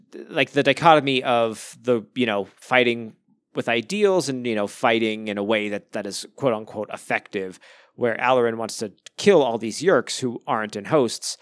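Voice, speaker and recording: A man's voice: mid-range voice, moderate pace, dry recording, clean studio sound. A man co-hosting a casual book podcast, rambling and full of fillers. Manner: rambling, lots of "like" and restarts, laughs now and then. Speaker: podcast co-host discussing a book. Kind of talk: casual chat.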